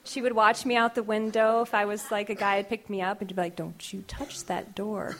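A woman poet, reading her poems aloud live in a wry, unhurried way. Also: medium pitch, fairly even intonation, fairly bright tone. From Kentucky. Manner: wry, unhurried, drawn-out vowels in the verse.

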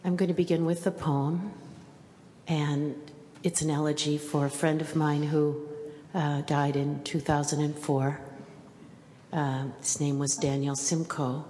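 A woman's voice: deep voice, little pitch movement, measured pace, dark tone. A woman poet making hesitant, thoughtful opening remarks before reading. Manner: hesitant, thoughtful speech with fillers. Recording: reverberant hall with faint noise.

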